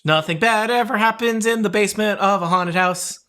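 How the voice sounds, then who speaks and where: A man with a bright, fairly high voice runs a tabletop game as game master. He narrates rooms and scenes in a joking way and chuckles often between lines. He sounds like he is speaking into a podcast microphone. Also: fairly quick, smooth.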